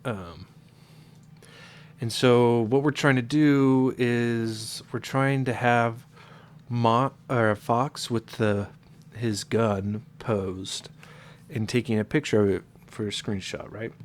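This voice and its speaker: A man's voice: mid-range voice, steady tone, slow, a little hiss or hum. A man with a stuffed-up, congested nose, casually walking viewers through a modding tutorial, explaining loosely with fillers and self-corrections. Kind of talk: casual screen-recorded tutorial.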